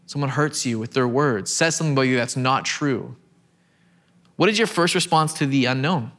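A man's voice: medium pitch, moderate pace, a bit bright. A man in his thirties preaching a sermon from a church stage, talking in a conversational, self-deprecating way and often repeating words as he restarts. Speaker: pastor.

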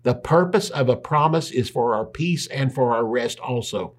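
A man's voice: mid-range voice, animated, moderate pace. A man preaching a sermon, making his points with rhetorical questions and repetition and reading scripture aloud in between.

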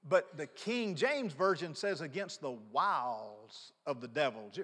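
A man's voice: a little high, animated, unhurried, sharp tone, husky, big-room sound. A man in his fifties preaching a sermon as pastor, emphatic and repeating key words for stress. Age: 50s.

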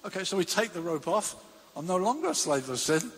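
A man delivers a sermon in a high, husky voice that leaps up and down as he acts out his illustrations. His words ring with the long reverb of a church hall. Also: sing-song, fairly quick. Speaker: preacher.

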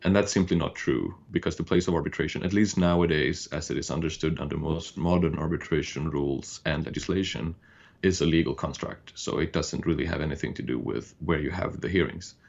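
A man's voice: rumbling low, a little fast, vocal fry, darkish tone, highs cut off. A man from Sweden in his thirties, co-hosting a podcast and explaining legal ideas in a thoughtful way with many restarts. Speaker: podcast co-host. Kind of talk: casual podcast chat and explanation.

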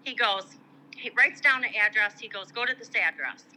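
A woman's voice: on the high side, moderate pace, heavy background noise. A middle-aged woman from Michigan telling a long personal story in casual chat, acting out the voices of people she quotes. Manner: animated, acts out quoted voices. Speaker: guest.

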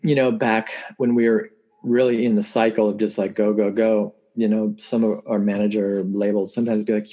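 A man in his forties chatting as an interview guest, his voice a little husky. He tells stories loosely, breaking into laughter and acting out what people said. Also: lowish voice, fairly even intonation, fairly quick, dark tone. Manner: storytelling, laughs often, acts out quotes. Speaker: musician guest. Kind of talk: casual interview chat.

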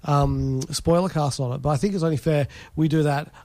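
A man co-hosting a podcast in casual chat, talking in a rambling, halting way. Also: on the high side, steady tone, dark tone, no echo. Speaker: podcast co-host.

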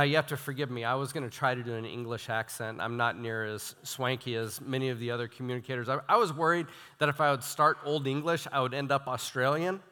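Young male student minister preaching, bright forceful tone, ringing church hall. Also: medium pitch, clean tone. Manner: animated, self-deprecating, reads quotes with emphasis. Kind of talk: sermon. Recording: long hall reverb.

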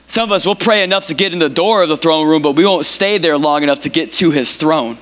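A man's voice: fairly high pitch, fast, few pauses, a bit bright. A male pastor preaching a sermon, building up through emphatic repeated phrases and calling on the congregation to respond. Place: church. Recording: hall reverb.

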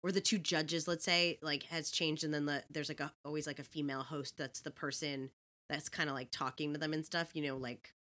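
A woman's voice: sits low, fairly even intonation, brisk, pushed and bright. A woman co-hosting a casual chat, telling stories animatedly with lots of fillers and restarts. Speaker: podcast co-host.

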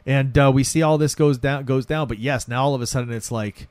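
A man talks through a film's plot in loose, profane chat, his voice at an ordinary middle pitch. He jumps into the characters' lines as he goes. The recording is dry, with no room sound. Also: brisk, few pauses, no room sound. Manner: animated retelling, acting out characters' lines. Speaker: podcast co-host recapping a film.

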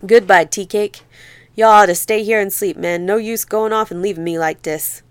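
This is a woman voicing a drowsy, easygoing man in a storybook who shrugs off danger. He drawls in a rural Southern accent and sounds unhurried and dismissive. The recording is smooth and dry. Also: mid-range voice, fairly even intonation, no echo, close to an everyday voice. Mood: pleading. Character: lazy easygoing man who refuses to move.

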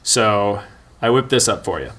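A man's voice: lowish voice, lively intonation, normal speed, a bit bright. A man hosting a comedy table read, wry and self-deprecating, casting players and reading stage directions. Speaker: comedy writer and host. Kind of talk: improv comedy banter.

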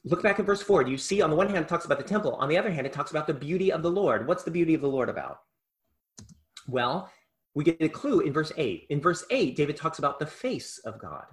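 Impassioned male preacher, slightly high voice. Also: big pitch swings, fast talker. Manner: impassioned, swings between loud and hushed. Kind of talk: sermon.

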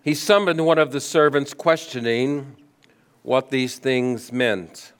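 A male pastor delivers a sermon, posing rhetorical questions as his voice moves between loud emphasis and soft, quiet stress. He speaks slowly, and his tone is clean.

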